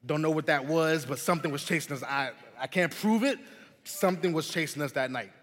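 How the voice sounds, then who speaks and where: A young man giving a youth sermon, telling a personal story in an animated, chatty way and often saying "man" and "listen". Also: a little high, a little fast. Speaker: youth pastor. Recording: long hall reverb.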